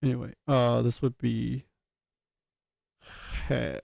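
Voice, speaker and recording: A man's voice: mid-range voice, level tone, slow pace, creaky, a little mellow, no room sound. A man thinking aloud as he works, hesitant, with many fillers and self-corrections. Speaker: channel host working through a reconstruction. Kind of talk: thinking aloud while working.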